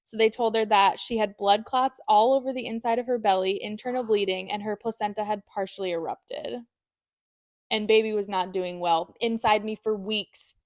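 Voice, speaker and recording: A woman's voice: mid-range voice, steady tone, moderate pace, no room sound. A woman co-hosting a casual podcast, reading a listener's story aloud, swearing and laughing often. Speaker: podcast co-host.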